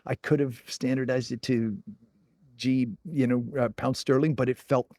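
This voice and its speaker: A man's voice: medium pitch, fairly even intonation, moderate pace, dark tone, dry recording, studio quality. A man from Canada chatting casually as a vlogger, with lots of ums and restarts. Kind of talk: casual chat. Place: indoors, living in the UK.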